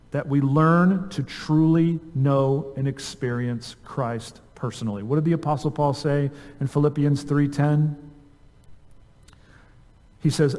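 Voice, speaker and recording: A pastor delivers a sermon from the pulpit, his voice a little high for a man and carried by the long reverb of a church sanctuary. Earnest, he asks the congregation question after question and lets key phrases drop soft, quiet, and slow.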